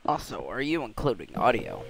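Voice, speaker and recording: A man's voice: medium pitch, sing-song, moderate pace. Teasing man gamer on a noisy mic. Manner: teasing, playful trash talk. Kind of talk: casual gaming chat. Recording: noisy home recording.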